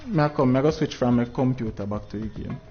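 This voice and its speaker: A man's voice: mid-range voice, fast talker, lo-fi sound, soft background music. Jamaican man venting on a stream. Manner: frustrated, preachy, heavy patois. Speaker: livestream tournament host. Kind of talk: livestream talk to viewers.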